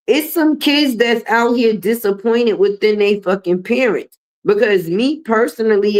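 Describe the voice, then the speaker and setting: A woman's voice: medium pitch, a little mellow. Middle-aged woman doing a livestream, blunt and cussing a lot, sassy casual chat. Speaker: livestream host.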